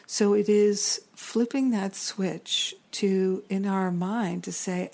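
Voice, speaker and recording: Slow, mellow-voiced woman teaching spirituality. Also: mid-range voice, steady tone, creaky. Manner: earnest, reflective, builds long lists.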